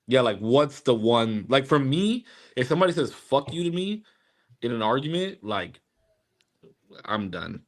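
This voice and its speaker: A man's voice: mid-range voice, very animated, measured pace. Blunt young man in casual chat. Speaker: podcast co-host.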